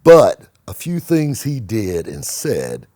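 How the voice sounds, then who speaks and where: A man hosting his own channel, giving blunt, animated motivational talk to the camera and swearing freely. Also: on the low side, slow, no room sound. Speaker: car vlogger and host.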